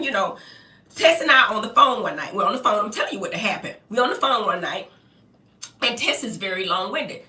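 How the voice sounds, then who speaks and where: A middle-aged woman telling a story in a blunt, animated, profane way, straight to the viewer. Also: medium pitch, recorded from a distance. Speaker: reality TV personality. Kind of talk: casual storytelling to camera. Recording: echoey room, voice a bit off-mic.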